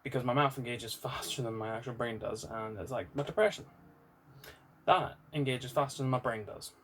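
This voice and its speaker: A man's voice: medium pitch, moderate pace, a bit bright, a little hiss or hum. Candid rambling British man. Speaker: vlogger. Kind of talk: unscripted personal vlog monologue.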